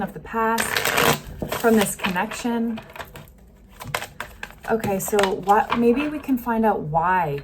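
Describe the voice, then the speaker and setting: A woman giving a casual tarot reading, talking gently and thinking aloud with many fillers. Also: mid-range voice. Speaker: tarot reader. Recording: faint street noise behind.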